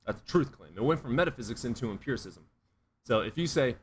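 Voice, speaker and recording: A man's voice: mid-range voice, animated, fast, slight background noise. A man streaming and answering chat questions in a blunt, profane, sarcastic way. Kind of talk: casual livestream chat.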